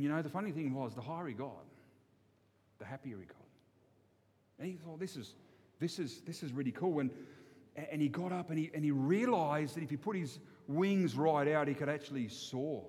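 A man's voice: mid-range voice, darkish tone. An Australian man telling a fable in a folksy, rambling way with many restarts. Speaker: storyteller. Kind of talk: told fable. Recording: long hall reverb.

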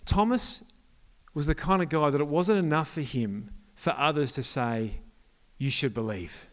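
A man's voice: on the high side, animated, normal speed, smooth. A young man giving a casual, joking sermon to a youth group, often asking the crowd questions.

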